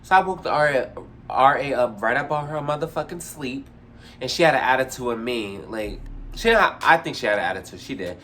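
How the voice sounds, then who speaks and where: A young man casually telling a story, profane and animated, jumping high in pitch when he acts out scenes. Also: brisk, a little hiss or hum. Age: young adult. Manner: animated, profane, retells with big pitch jumps.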